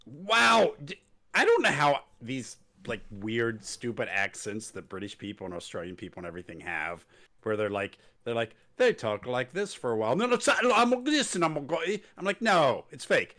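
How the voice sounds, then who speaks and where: Sarcastic man with a lively voice. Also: fairly low pitch, moderate pace. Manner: sarcastic, mimics wrestlers in silly voices. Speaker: podcast host. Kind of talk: casual wrestling recap chat.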